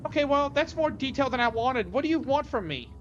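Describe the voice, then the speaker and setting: A woman's voice: high-pitched, lively intonation, brisk, highs cut off, faint music behind, pitched above the performer's own voice. A woman voicing a defiant young woman hostage with a sarcastic, profane way of talking. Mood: incredulous.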